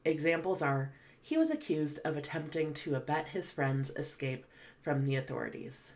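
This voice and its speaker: A woman teaching English vocabulary, patiently explaining definitions and reading example sentences. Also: sits low. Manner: patient, clear, spells out definitions then reads example sentences.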